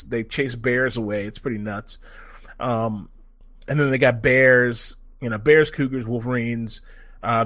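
Excitable man reviewing a game. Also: medium pitch. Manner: excitable, swears, many fillers and restarts. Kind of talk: casual game review chat.

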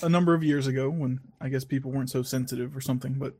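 Casual male co-host; mid pitch, measured, dry delivery. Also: fairly even intonation, a little mellow. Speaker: podcast co-host. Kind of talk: casual chat.

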